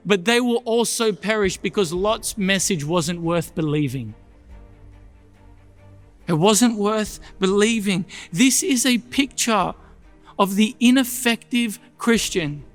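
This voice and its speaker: A man's voice: high-pitched, fairly bright tone. A man preaching a sermon in church, earnest, repeating his points and asking the congregation pointed questions. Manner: earnest, rhetorical questions, emphatic repetition. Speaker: pastor.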